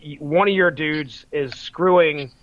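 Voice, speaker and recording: Male podcast co-host, casual rambling storyteller, slightly high voice, close and dry. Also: unhurried, a bit bright, no room sound, highs cut off. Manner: rambling retelling, swears and laughs freely. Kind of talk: casual chat.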